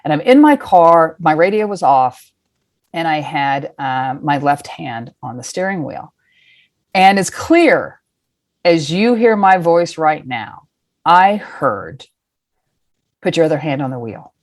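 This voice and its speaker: A middle-aged woman with a low voice tells a personal story in a casual, animated way. She acts out the scenes and swears freely. The sound is dry and close. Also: slow, dry recording. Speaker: guest.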